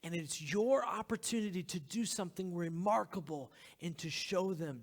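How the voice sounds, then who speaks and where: A man in his thirties preaching a sermon as a pastor, talking earnestly and dropping to a hushed whisper for emphasis. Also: high-pitched, normal speed, hardly any pauses. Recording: long hall reverb.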